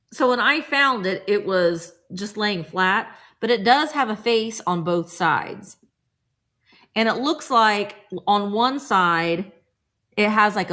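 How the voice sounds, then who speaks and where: Animated woman chatting through a vintage haul. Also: mid-range voice. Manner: chatty, reads out viewer names, playful voices. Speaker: vintage reseller host. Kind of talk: live-chat haul vlog.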